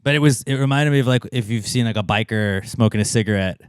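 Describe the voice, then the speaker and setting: A man's voice: fast talker, smooth, dry recording, studio quality. A man co-hosting a podcast in casual chat, telling stories and acting out quotes with big jumps in his voice. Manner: animated storyteller, acts out quotes with big jumps in pitch. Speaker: podcast co-host.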